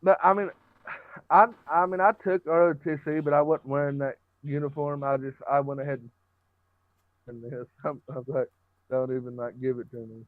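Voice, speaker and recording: A man's voice: fairly high pitch, steady tone, moderate pace, no room sound. A young man telling stories as a podcast guest in a brash, profane way, laughing through them. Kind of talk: casual storytelling with frequent laughter. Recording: dry, phone-like lo-fi audio.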